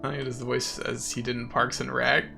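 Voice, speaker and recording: A man's voice: mid-range voice, completely flat delivery, fast, vocal fry, over music. A man streaming a game, chatting casually and sarcastically with his chat. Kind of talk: casual chat while gaming.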